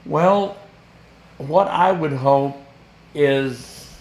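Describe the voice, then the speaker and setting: A man from Kentucky answers a parish interview at an unhurried pace. He restarts his sentences and repeats words as he goes. The room around him is echoey. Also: medium pitch, a little hiss or hum. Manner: slow, halting, repeats words. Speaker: parishioner and guest.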